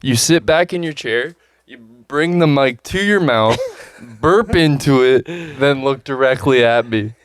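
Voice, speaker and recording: A man's voice: mid-range voice, unhurried, dry recording. Young dude ribbing his podcast buddies, laughing through it, dry mic. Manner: teasing, laughs while telling stories. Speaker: podcast co-host. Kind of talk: casual chat.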